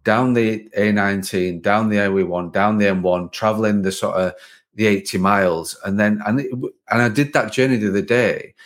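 Male podcast host, slightly low voice, loose rambling delivery. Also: moderate pace. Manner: rambling, many restarts and "like" fillers. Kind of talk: casual interview chat.

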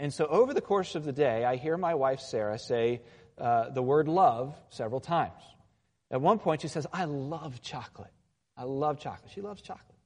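A man preaching to his congregation, easygoing and conversational, often tossing in a quick "right?". His voice sits at an ordinary middle pitch. The sound carries a long reverb from the hall he speaks in. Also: a little mellow. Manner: conversational, with frequent tag questions. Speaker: pastor. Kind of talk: sermon.

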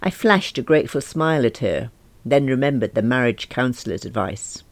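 A woman's voice: a bass voice, animated, normal speed, no room sound. A middle-aged woman narrating a comic diary novel in a wry, self-mocking manner. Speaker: audiobook narrator.

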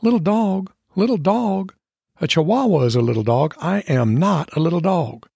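A man's voice: on the high side, animated, moderate pace, creaky, a little mellow, husky, dry recording, clean studio sound, pitched above the performer's own voice, full character voice. A man doing a sassy Southern tomcat. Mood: indignant. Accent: Southern US, like a sheriff. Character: sassy big orange male tomcat, unafraid.

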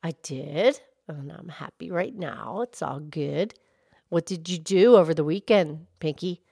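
A woman voicing a calm, kindly female cow who co-hosts a kids' podcast, gently reassuring and patiently explaining facts. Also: low voice, a little slow, creaky, slightly rough, no echo, studio quality, exaggerated voice. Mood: gentle. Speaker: podcast co-host. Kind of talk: in-character kids' podcast chat.

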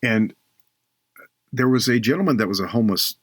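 A man hosting a faith podcast, telling a personal story earnestly and slowing down for emphasis. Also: mid-range voice, lively intonation, husky, dry recording, studio quality.

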